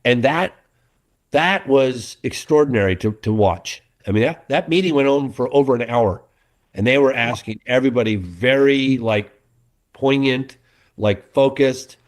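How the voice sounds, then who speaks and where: A middle-aged documentary filmmaker chatting as a guest in an interview, an animated and earnest storyteller. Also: male voice, medium pitch, a little slow. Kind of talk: casual interview chat.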